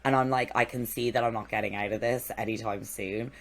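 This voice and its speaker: Very low-voiced woman telling stories. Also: a little fast, slight background noise. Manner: animated storytelling, swearing, acting out quotes. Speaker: podcast co-host. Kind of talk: casual chat.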